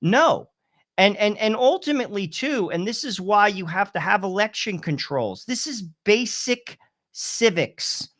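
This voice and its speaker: A man co-hosting a political talk show, arguing forcefully with rhetorical questions. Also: sits high, animated, measured pace. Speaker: co-host.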